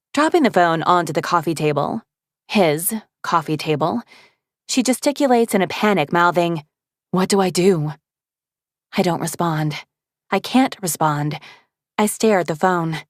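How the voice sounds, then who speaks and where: A woman reading a first-person romance audiobook, expressive and voicing the dialogue herself. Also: sits low, no echo, studio quality. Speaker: audiobook narrator.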